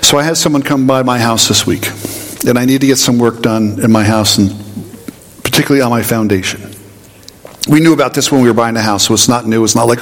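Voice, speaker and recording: A man preaching a sermon as pastor, emphatic, with rising questions and quieter low asides. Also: a little fast, big-room sound.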